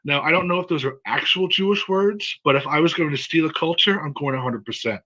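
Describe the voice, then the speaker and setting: A man from San Diego doing a stand-up set, telling jokes and a story in a deadpan way. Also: fairly high pitch, brisk, dull audio. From San Diego, USA. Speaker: stand-up comic.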